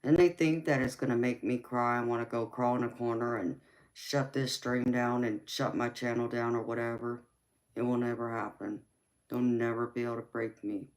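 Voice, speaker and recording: A woman with a Southern Georgia accent hosting a casual live stream, reading out viewer comments, laughing often and calling people honey and sweetheart. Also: rumbling low. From Southern United States. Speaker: tarot reader and livestream host.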